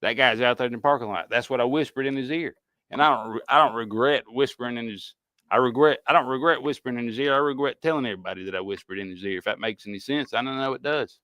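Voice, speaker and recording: A man's voice: mid-range voice, fast, sharp tone, no echo, studio quality. A man hosting a casual commentary podcast, talking in a sarcastic, mocking way with rambling restarts. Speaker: podcast host.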